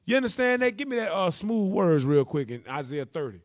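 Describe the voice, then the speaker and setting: Animated preacher, high voice, playful. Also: male voice, brisk. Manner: animated, playful, calls on readers with "go ahead". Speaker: teacher leading a Bible class. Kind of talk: lively preaching with a call-and-response.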